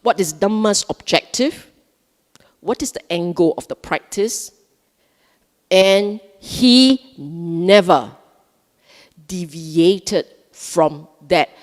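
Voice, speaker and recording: A woman's voice: on the low side, extremely slow, long pauses. A woman giving a live Buddhist Dhamma talk, emphatic and questioning, often repeating words for stress. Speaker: Buddhist dharma speaker. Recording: long hall reverb.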